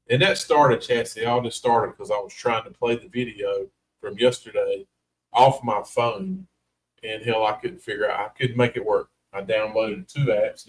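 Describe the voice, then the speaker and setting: A man's voice: medium pitch, poor audio. A middle-aged man, hosting a casual livestream chat in a rambling, folksy way. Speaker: host.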